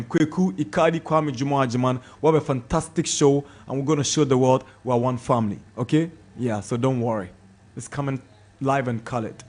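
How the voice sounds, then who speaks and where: A man with a Ghanaian English accent, hosting a sports radio show, reads out listener messages and adds quick comments. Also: mid-range voice, darkish tone. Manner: brisk, chatty, comments between messages. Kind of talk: reading listener messages on air.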